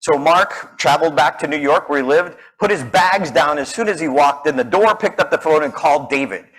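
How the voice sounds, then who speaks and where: Male speaking coach, slightly high voice, animated storyteller who acts out his characters. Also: brisk, husky, poor audio. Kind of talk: storytelling keynote talk.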